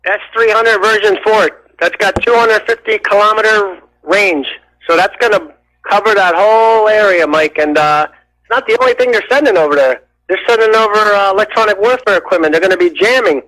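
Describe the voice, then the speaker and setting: A man from New Jersey calling into a radio show, rambling and halting with fillers. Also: sits high, pushed and bright. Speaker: caller. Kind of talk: call-in radio conversation. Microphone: telephone. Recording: tinny phone line.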